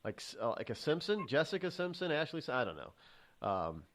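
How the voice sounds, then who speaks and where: A man's voice: a little high, big pitch swings, brisk, a bit bright, a little hiss or hum. A man hosting a casual talk show, rambling with many restarts and fillers as he tells stories. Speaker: host. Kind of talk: casual chat.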